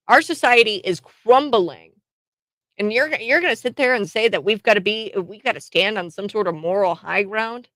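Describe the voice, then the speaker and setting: Woman radio talk host, fiery political commentary, lowish voice, dry close mic. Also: gravelly, dry recording. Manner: animated, restarts often, mocking. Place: radio studio.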